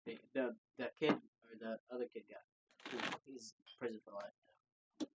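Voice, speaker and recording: A man in a casual chat with friends, retelling a story in loose, halting bursts. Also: medium pitch, steady tone, heavy background noise.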